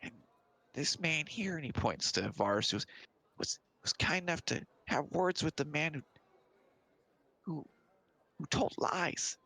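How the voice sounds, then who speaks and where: A man's voice: on the high side, animated, measured pace, gravelly, long pauses, bright, forceful tone, husky, pitched above the performer's own voice, full character voice. A man voicing a scrappy young street kid who pleads and whines. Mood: pleading.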